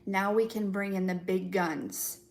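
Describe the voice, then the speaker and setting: A woman's voice: mid-range voice, steady tone, a little slow, noisy background. A young adult woman, a tarot reader, chatting casually to viewers on a live stream, with lots of fillers, giggles and casual swearing. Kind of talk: casual spiritual live chat.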